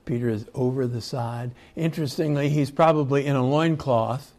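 A man teaching a Bible study, retelling scripture stories in a slow, reflective way and reading passages aloud. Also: medium pitch, darkish tone. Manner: slow, reflective storytelling with chuckles.

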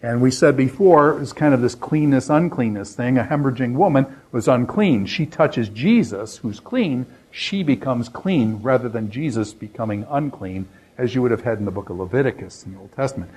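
Male Bible teacher, husky voice, mid-range pitch, relaxed lecturing with restarts. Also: moderate pace, poor audio. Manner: conversational, many fillers and restarts, quotes scripture. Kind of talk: unscripted classroom lecture.

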